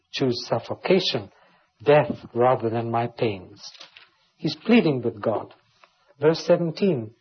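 A man gives a verse-by-verse Bible teaching, reading each passage aloud before explaining it. His voice has a husky, breathy edge. The recording sounds dull and lo-fi. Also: mid-range voice. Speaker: preacher.

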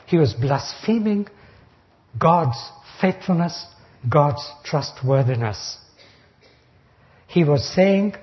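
A man's voice: fairly high pitch, animated, takes it slowly, pauses often. Emphatic older male preacher, lo-fi. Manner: emphatic, rising sharply on quoted taunts. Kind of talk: expository Bible sermon. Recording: dull lo-fi recording.

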